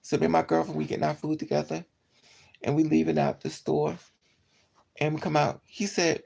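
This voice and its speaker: A woman tells a personal story to her viewers in a low, husky voice. Her voice is heavy with fry, and her pitch swings widely as she gets animated. She talks bluntly, with plenty of profane slang. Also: a little fast, long pauses. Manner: animated, swings into high yelps for quoted lines. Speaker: streamer telling a personal story. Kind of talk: casual storytelling.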